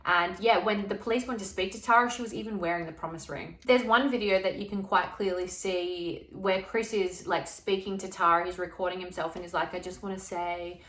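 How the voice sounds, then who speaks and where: A woman's voice: mid-range voice, brisk, hardly any pauses, fairly bright tone. A woman telling a true crime case in a casual, conversational way. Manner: chatty, retells exchanges in plain conversational speech. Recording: echoey room.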